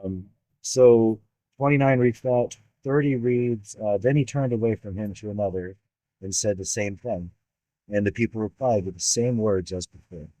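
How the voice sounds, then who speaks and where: A man with a low voice talks through scripture in a relaxed, chatty way. The sound is dry and close. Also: moderate pace, dry recording. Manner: relaxed, conversational. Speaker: study group member. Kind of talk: casual Bible study discussion. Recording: dry, cleaned-up audio.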